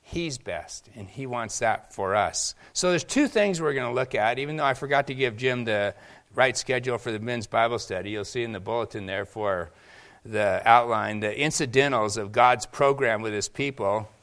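A man preaching a Sunday sermon, asking the congregation questions and pausing for their answers, slowing down when he reads scripture. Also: medium pitch, a bit bright. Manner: slows down to read scripture. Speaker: pastor.

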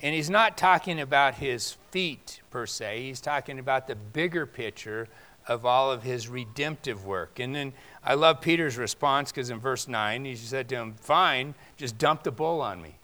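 A man preaching a sermon with a bright, forceful voice. He talks in a loose, conversational way and then leans hard into emphatic points. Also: mid-range voice, normal speed. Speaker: pastor.

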